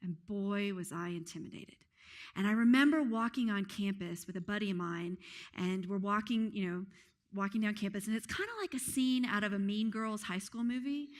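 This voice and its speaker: A woman's voice: medium pitch, normal speed. A woman from the United States giving an upbeat, enthusiastic TED-style talk on a conference stage, with self-deprecating humor. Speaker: keynote speaker. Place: conference stage before an audience.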